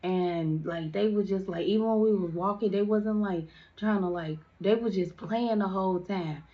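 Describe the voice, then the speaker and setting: A woman's voice: medium pitch, moderate pace, lo-fi sound. A young woman chatting through a storytime in a casual, slangy way, with lots of "like" fillers.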